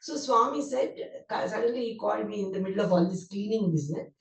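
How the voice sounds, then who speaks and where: A woman's voice: mid-range voice, fast talker, creaky. A woman, a guest speaker animatedly telling emotional memories in a devotional talk. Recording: roomy hall, distant mic.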